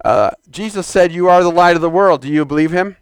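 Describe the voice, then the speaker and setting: A man preaching a fervent sermon in a church, exhorting the congregation and shouting declarations. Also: high voice, brisk, clean tone, no room sound, studio quality.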